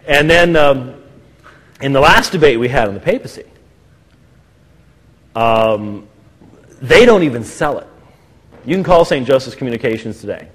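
Man, mid pitch, speaker telling anecdotes in a reverberant hall. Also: measured pace, creaky, pauses often. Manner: animated storytelling, acts out quotes. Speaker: speaker presenting to an audience. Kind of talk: lecture with anecdotes. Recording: echoey hall.

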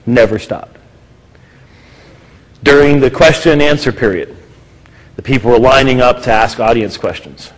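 A man speaking to an audience, telling anecdotes in a lively way and acting out what others said. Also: on the low side. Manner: animated storytelling, acts out quotes. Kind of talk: lecture with anecdotes. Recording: echoey hall.

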